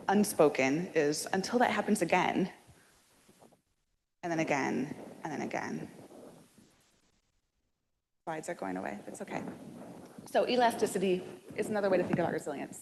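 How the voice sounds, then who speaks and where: A woman's voice: on the low side, fairly quick, creaky, pauses often, darkish tone. Chatty woman lecturing in a reverberant hall. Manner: casual, chatty, self-deprecating with many fillers. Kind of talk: public lecture. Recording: reverberant hall, audible background noise.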